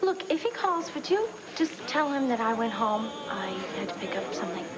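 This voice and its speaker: An actress in a 1980s soap opera playing a young woman in love who is bright and quick to laugh. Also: a little high, very animated, background noise.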